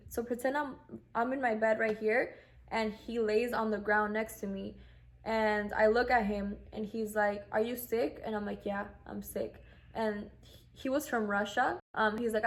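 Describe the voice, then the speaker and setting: Chatty young woman telling a story. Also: fairly high pitch. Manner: chatty, acts out quoted voices, lots of "like". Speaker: vlogger. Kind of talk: casual storytelling.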